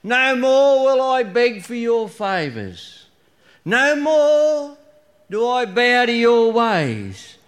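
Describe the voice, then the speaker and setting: A man's voice: extremely high pitch, big pitch swings, very slow, voice pushed up, exaggerated voice. A man voicing a drunken old husband who stammers and slurs as he gloats. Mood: defiant.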